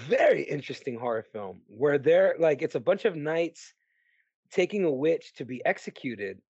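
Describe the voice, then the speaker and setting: A man co-hosting a podcast, chatting casually about movies in an animated, ranting way and swearing freely. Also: a little high, moderate pace, breathy edge, no echo. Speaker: podcast co-host. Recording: dry, dull lo-fi sound.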